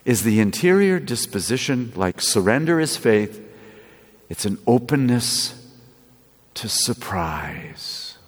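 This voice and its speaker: A man preaching a sermon, slow and lively, with playful asides. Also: mid-range voice. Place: church. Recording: echoey church with long reverb.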